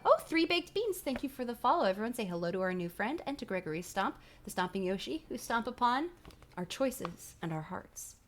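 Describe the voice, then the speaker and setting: A woman's voice: a little high, sing-song, fairly quick, faint music behind. A woman hosting a livestream, reading a children's horror book aloud with playful, giggly commentary and casual swearing, on a streaming mic at home. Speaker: livestream host. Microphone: streaming microphone.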